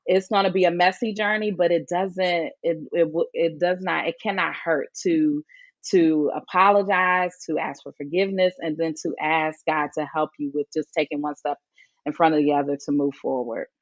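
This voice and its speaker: A woman's voice: deep voice, fairly even intonation, moderate pace, dry recording, lo-fi sound. A woman guest speaking earnestly and reflectively in an interview, telling a personal story. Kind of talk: conversational interview.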